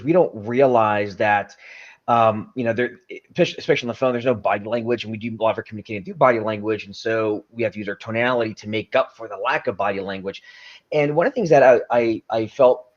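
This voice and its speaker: Halting male host on dull lo-fi audio. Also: medium pitch. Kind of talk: casual interview chat.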